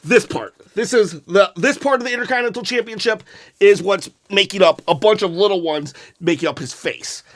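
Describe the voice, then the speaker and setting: A man with a fairly high, light voice hosts a casual unboxing from his room at home. He talks into a desk microphone in a chatty, joking way, often chuckling at his own asides as he points out details. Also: fairly quick. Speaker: unboxing video host.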